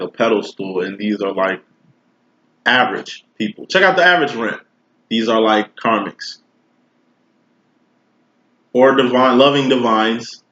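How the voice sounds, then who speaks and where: In a fairly low, somewhat bright voice, a tarot reader speaks casually and profanely straight to camera, leaning on slang. The roomy, dull lo-fi recording carries a little hiss or hum.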